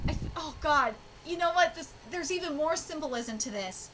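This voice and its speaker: High-voiced woman, rambling reaction stream. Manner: rambling, halting, stops to comment. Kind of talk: live reaction reading aloud. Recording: steady background noise.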